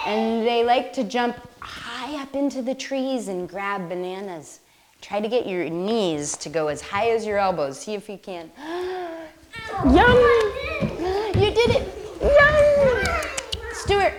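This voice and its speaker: Kids' yoga teacher, woman, gentle and playful, lively high voice, noisy studio recording. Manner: gentle, encouraging, playful with animal sounds. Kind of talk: leading a kids' yoga class.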